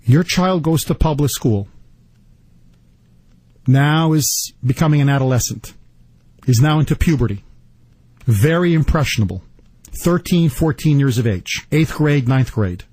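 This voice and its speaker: A man hosting a talk radio show, delivering an indignant, rapid-fire political monologue. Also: mid-range voice, lively intonation, darkish tone, dry recording.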